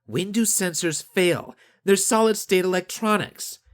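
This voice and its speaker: A man voicing a blunt, skeptical young woman on a spaceship crew, pitching his voice up into a lighter register. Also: measured pace.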